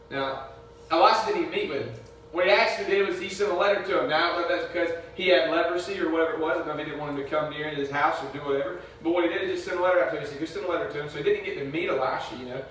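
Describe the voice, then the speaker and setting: High-voiced preacher in an echoey church. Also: male voice, steady tone, racing, fairly bright tone, a little hiss or hum. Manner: conversational preaching, acting out biblical characters' speech. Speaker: pastor. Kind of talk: sermon. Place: church sanctuary. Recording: echoey sanctuary, mic from a distance.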